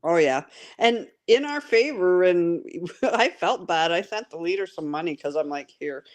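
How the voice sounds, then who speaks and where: A woman's voice: on the low side, animated, moderate pace. A woman hosting a casual podcast chat about an online game, rambling and laughing often with lots of fillers. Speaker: podcast host.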